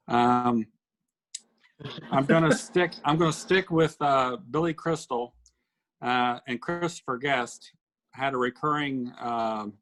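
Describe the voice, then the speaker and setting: A man co-hosting a casual podcast, telling comedy sketches with lively bursts of acted voices. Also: mid-range voice, low-quality recording. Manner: animated storyteller acting out sketch lines. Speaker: podcast co-host. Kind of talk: casual chat.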